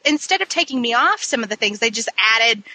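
A woman's voice: on the high side, animated, fairly quick, sharp tone, poor audio. A woman co-hosting a podcast in casual chat, telling a rambling, self-mocking story and laughing at her own troubles. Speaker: podcast co-host.

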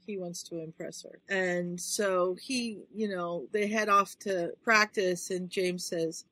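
Woman podcaster, casual retelling, lively quoted lines, dry close mic. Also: fairly low pitch, slow pace, hardly any pauses, no room sound, poor audio. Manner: retells scenes, acting out quotes. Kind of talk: casual book discussion.

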